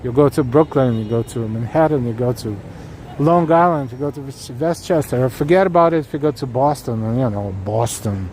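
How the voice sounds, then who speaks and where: A walking tour live-streamer talks a little fast in a medium-pitched, darkish voice as he moves along a city street at evening. Casual, chatty and earnest, he speaks straight to viewers and reads chat aloud. His handheld camera rig catches faint street noise and traffic.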